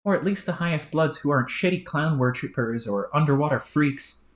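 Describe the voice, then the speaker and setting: A woman's voice: sits low, fairly quick, pitched above the performer's own voice, lightly acted. A woman voicing a bratty, scheming young female troll who talks in a smug, bossy, sarcastic way, in a roomy-sounding recording. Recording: roomy echo.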